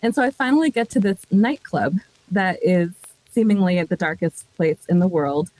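A woman telling a personal story in casual podcast chat, animated and often laughing. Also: fairly low pitch, moderate pace, no echo, low-quality recording.

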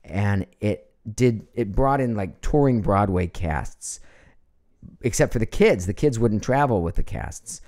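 Middle-aged male stream host, lively pitch, chatty, laughs a lot, reads comments. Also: a little slow. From Ohio, USA. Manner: chatty and animated, laughs often, reads viewer comments aloud. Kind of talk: casual live stream chat. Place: home.

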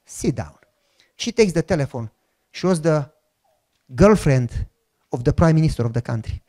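A man with a Romanian accent telling a personal testimony as a sermon, acting out the dialogue and bursting into shouts. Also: a little high, moderate pace. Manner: animated storytelling with acted-out dialogue and shouted outbursts. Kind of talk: sermon storytelling.

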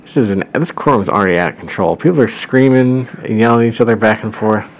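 A man's voice: on the low side, quick pace, rough recording. A man hosting a show, reading a story aloud with wry, amused commentary. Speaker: host.

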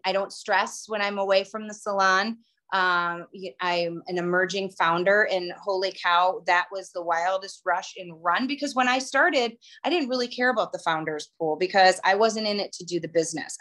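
A woman's voice: on the low side, fairly bright tone. A middle-aged woman telling her personal story to a group, chatty and emotional. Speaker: guest speaker.

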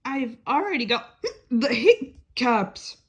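Playful woman puppet-show host, high voice, unhurried. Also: expressive. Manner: playful, chatty, sings along. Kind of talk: children's puppet show talk.

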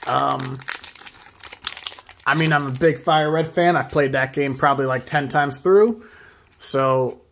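A man hosting a casual pack-opening video, excitably reading card names aloud and hyping himself up. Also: medium pitch, unhurried, vocal fry, long pauses, slight background noise. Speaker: host opening card packs.

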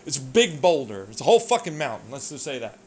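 A man in a rambling, profane vlog rant that swings between low muttering and loud outbursts. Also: very animated, fast. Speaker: vlogger. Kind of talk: ranting monologue.

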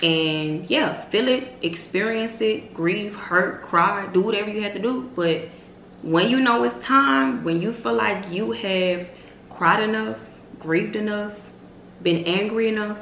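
A woman in her twenties giving emphatic, repetitive motivational faith talk as a vlog host, with sudden loud high exclamations. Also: a little slow. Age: 20s. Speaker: vlogger host. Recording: roomy echo with faint hiss.

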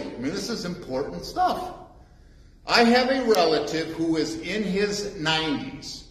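A man's voice: high-pitched, a bit bright, roomy sound, rough recording. A man preaching a sermon as pastor after reading scripture, emphatic and repeating key phrases for weight. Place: church sanctuary.

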